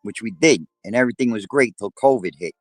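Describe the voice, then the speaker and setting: A man's voice: lowish voice, expressive, fast talker, no echo. A man in his sixties with a New York accent, rambling along as a guest in a casual livestream chat and swearing freely. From Brooklyn, New York. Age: 60s. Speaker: panel guest.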